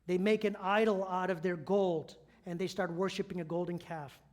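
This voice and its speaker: A man's voice: sits high, fairly even intonation, moderate pace. A middle-aged man, a church elder, preaching a sermon in an earnest storytelling manner and sometimes correcting himself mid-sentence.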